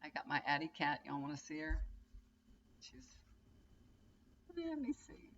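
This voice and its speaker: A woman's voice: sits low, big pitch swings, unhurried, highs cut off, a little hiss or hum. An older woman, chatting casually to camera from her bedroom in a rambling, storytelling way. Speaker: tarot reader and vlogger. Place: bedroom at home, indoors.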